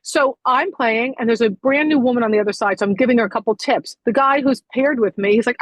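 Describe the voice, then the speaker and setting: A woman with a New Jersey accent rattles through her story at a quick clip, blunt and emphatic. Her voice sits a little high and sounds close and dry. She is a comedian chatting on a podcast panel. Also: no echo, low-quality recording. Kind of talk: casual roundtable chat.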